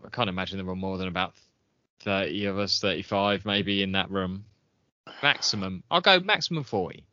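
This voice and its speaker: A man in easygoing podcast chat, his voice sitting on the low side yet bright and forward. He rambles, trails off and laughs often. The sound is close and dry, a little muffled. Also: no room sound. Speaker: podcast co-host. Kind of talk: casual chat.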